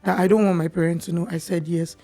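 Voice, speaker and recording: A young Nigerian woman, a podcast guest, telling her personal story in a candid, animated way. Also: fairly low pitch, fast talker.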